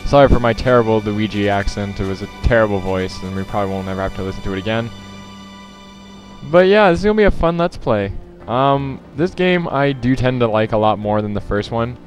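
A man's voice: fairly low pitch, animated, fairly quick, faint music behind. A man hosting a let's play, commenting casually and rambling over the game.

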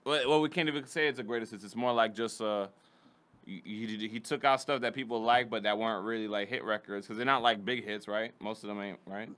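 A man hosts a comedy podcast, talking quickly in a bright, forward voice. He keeps prodding his co-host with playful questions in casual banter. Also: lowish voice, fairly even intonation. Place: podcast studio.

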